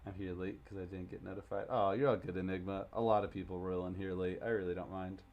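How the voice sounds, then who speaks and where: A man's voice: low-pitched, flat delivery, fast, highs cut off. A young man streaming a game live, chatting casually and joking, swearing freely as he reads along. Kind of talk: live game playthrough chat.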